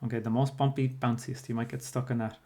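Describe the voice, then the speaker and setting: Fast-talking and dark-toned, this Irish man keeps a medium pitch with little movement in it. He's a primary school teacher patiently and steadily explaining a spelling workbook to his class, using fillers as he thinks.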